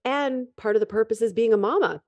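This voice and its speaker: Mellow-voiced woman host, encouraging. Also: fairly high pitch, quick pace. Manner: affirming, encouraging, spiritual talk. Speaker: podcast host. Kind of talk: conversational interview.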